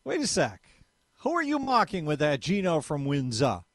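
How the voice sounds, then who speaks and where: A man's voice: on the high side, wildly swooping pitch, normal speed, no room sound. A man hosting talk radio, emphatic and opinionated, speaking into a studio mic. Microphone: studio microphone.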